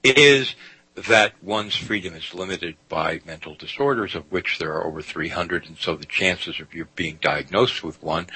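Emphatic male radio host, bright voice. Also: sits low, slightly rough, no echo, rough recording. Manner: emphatic, repeats "you see". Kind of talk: radio talk monologue.

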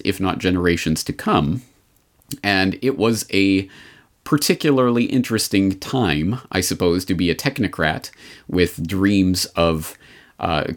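Deep-voiced man explaining monetary history. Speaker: podcast host. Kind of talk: spoken history commentary.

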